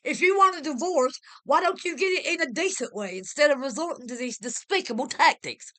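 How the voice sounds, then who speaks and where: A woman voicing an indignant, hot-tempered man who hurls loud accusations. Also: sits high, animated, brisk, pitched above the performer's own voice.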